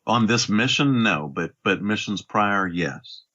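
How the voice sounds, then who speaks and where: A man's voice: fairly low pitch, expressive, unhurried, bright, forceful tone, lo-fi sound. A man co-hosting a podcast, chatting casually about a game in an easygoing way, hedging with fillers. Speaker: podcast co-host.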